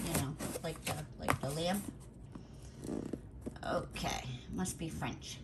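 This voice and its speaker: Chatty slow-talking woman vlogger. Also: low-pitched, animated, background noise. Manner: chatty, teasing, exclaiming and laughing often. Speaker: craft vlogger. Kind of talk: casual chat while opening mail.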